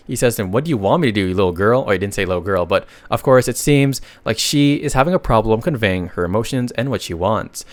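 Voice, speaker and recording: A man's voice: on the low side, animated, fast talker, hardly any pauses, no room sound. A man narrating a comic recap in a casual, chatty way, reading out the dialogue and adding joking asides to viewers.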